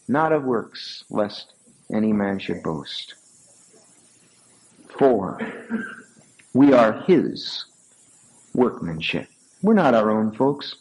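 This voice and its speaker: A man's voice: lowish voice, drawn-out words, pauses often, low-quality recording. An older man, a pastor, preaching a sermon, telling a personal story and driving points home with sudden emphatic peaks. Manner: storytelling, animated swings from soft asides to raised emphatic peaks. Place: church sanctuary.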